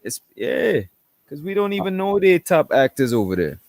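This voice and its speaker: A man co-hosting a podcast in casual chat, ranting in a profane, animated way and calling people bro. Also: high voice, normal speed, gravelly, no echo. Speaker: podcast co-host.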